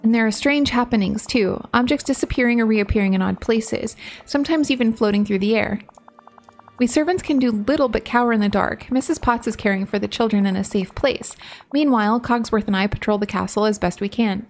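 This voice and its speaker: A woman's voice: on the high side, fairly quick, darkish tone, slight background noise, lightly acted. A woman reading aloud the lines of a courteous male enchanted candelabra servant in her own voice, without any accent. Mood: polite. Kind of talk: reading game dialogue aloud.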